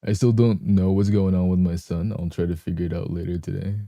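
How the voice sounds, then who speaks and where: A young man chatting casually with viewers on a live stream, clearing a morning voice from his throat. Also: low-pitched, flat delivery, brisk, mellow, no echo, highs cut off. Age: young adult.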